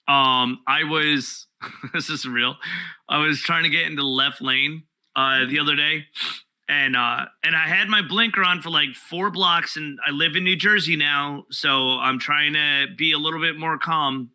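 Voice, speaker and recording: Forceful New comedian telling stories. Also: male voice, a little high, a little slow, rough recording. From New York. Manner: profane, animated storyteller. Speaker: guest comedian. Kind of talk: casual podcast chat, storytelling.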